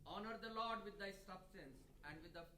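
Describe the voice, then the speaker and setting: High-voiced man reading scripture. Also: brisk, pushed and bright. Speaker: scripture reader. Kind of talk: reading Bible verses aloud.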